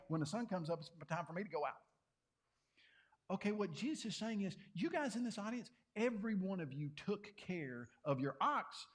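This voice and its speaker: A man teaching a Bible class to a congregation, conversational and animated, often questioning his listeners. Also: high-pitched.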